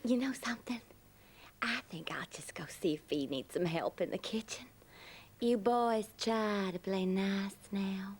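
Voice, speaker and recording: A woman's voice: medium pitch, steady tone, unhurried, hardly any pauses, darkish tone, close to an everyday voice. An actress playing a sweet, fussing, motherly hostess who coddles everyone. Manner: sweet doting Southern coddling. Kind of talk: kids TV series acting.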